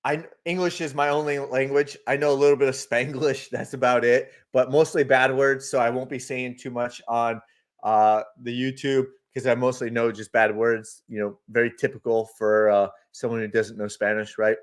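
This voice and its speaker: A man's voice: mid-range voice, flat delivery, normal speed. Chatty man hosting a live trading stream. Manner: chatty, greets viewers by name, reads the chat; laughs easily, loose and talkative. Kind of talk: casual live-stream chart commentary.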